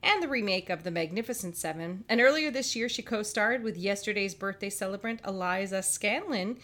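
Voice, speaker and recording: Bright, chatty young woman host. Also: medium pitch, lively intonation, fairly quick. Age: young adult. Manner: chatty, jumps in with opinions and laughs. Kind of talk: casual chat show segment.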